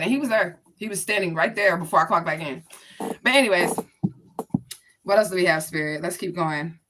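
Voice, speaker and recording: Woman doing a spiritual reading, talks real fast, bright voice, cusses a lot and talks right at the viewers. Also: on the low side, steady tone. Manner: blunt, profane, chatty, addresses viewers directly. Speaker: spiritual reader.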